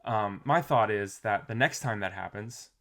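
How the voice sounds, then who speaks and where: A man talking casually to camera in a motivational vlog, reflective and rambling, with restarts and soft trailing phrases. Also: lowish voice, moderate pace. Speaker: motivational vlogger.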